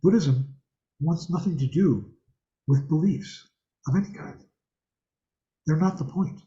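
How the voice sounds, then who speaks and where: A man's voice: a little high, measured pace, dark tone. An older man teaching an online Buddhist class from his home over a video call, talking in a rambling, conversational way and asking the class questions. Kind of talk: online dharma class talk. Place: home room with a hanging thangka. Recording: roomy, slightly dull video-call audio.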